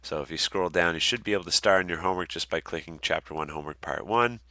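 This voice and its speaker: Low bright-toned man, dry close sound. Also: fast talker, no room sound. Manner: relaxed, many ums and uhs, friendly asides. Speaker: course instructor. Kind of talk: casual recorded course walkthrough.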